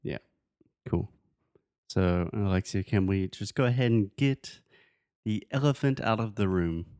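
Deep-voiced man coaching pronunciation. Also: measured pace, darkish tone, dry recording, studio quality. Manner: patient, corrects pronunciation. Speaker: podcast co-host and English teacher. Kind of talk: casual conversational English lesson.

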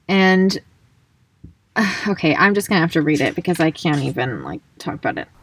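A woman's voice: sits low, big pitch swings, normal speed, fairly bright tone, a little hiss or hum. A woman co-hosting a casual book-club podcast, chatty and full of fillers. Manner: chatty, laughs easily, many likes. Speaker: podcast co-host.

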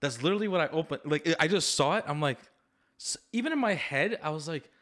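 A man's voice: fairly high pitch, animated, fast talker, fairly bright tone. A young man co-hosting a casual podcast, telling a story animatedly with a lot of swearing. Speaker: podcast co-host.

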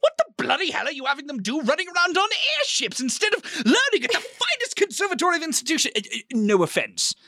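Man voicing a hearty old headmaster, big and blustering; bright, animated, dry close mic. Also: sits high, a little fast, dry recording, heavily acted. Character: jolly giant old male headmaster, booming.

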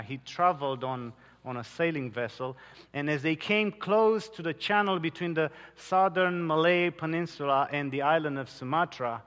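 A man preaching a sermon, telling stories earnestly with dramatic pauses. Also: on the high side, fairly bright tone. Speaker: pastor. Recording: long hall reverb.

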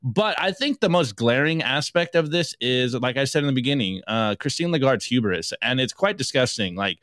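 A man's voice: mid-range voice, lively intonation, normal speed, fairly bright tone, no echo, clean studio sound. A man co-hosting a podcast, talking casually and emphatically, with frequent restarts and an indignant edge. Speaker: podcast co-host. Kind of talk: casual opinion chat.

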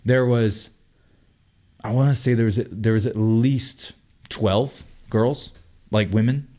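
A young man telling a long story on a casual podcast, animated and full of swearing. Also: medium pitch, slow pace. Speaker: podcast host.

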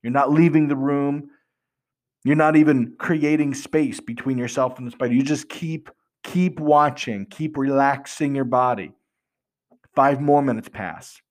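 A man's voice: medium pitch, fairly even intonation, a little slow. A man hosting a podcast, explaining earnestly with rhetorical questions and frequent restarts. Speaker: podcast host.

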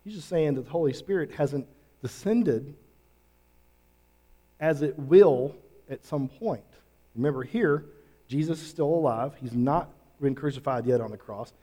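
A man's voice: a little high, a little slow, pauses often, dark tone. Earnest man preaching a sermon. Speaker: pastor.

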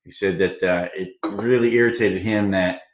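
A man's voice: deep voice, steady tone, moderate pace. A man co-hosting a casual podcast, chiming in briefly and reading movie trivia aloud. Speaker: podcast co-host. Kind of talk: casual chat about a movie.

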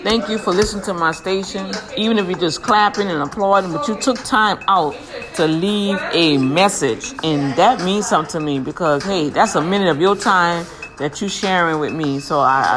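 A woman hosting her own station, giving casual motivational talk and shout-outs, lively and slangy, speaking blessings over listeners. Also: fairly low pitch, normal speed. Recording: music playing behind.

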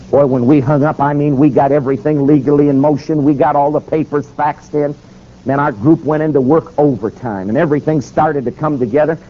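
A man preaching a sermon, telling a story and quoting scripture, with sharp rises and drops. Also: a little high, dull audio, slight background noise.

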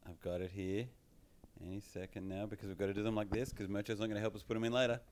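A man hosting a sports podcast in loose, joking, casual chat with quick asides. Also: fairly low pitch, little pitch movement, darkish tone, slight background noise. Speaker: podcast host.

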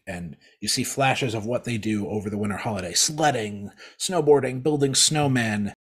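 A man's voice: fairly low pitch, normal speed, breathy edge. A man co-hosting a podcast, casually telling a long story, rambling with restarts and acting out the quotes. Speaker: podcast co-host.

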